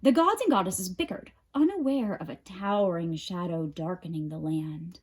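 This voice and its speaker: A woman librarian reading a picture book aloud with expressive, dramatic narration. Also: lowish voice, normal speed, hardly any pauses, breathy edge. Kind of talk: storybook read-aloud.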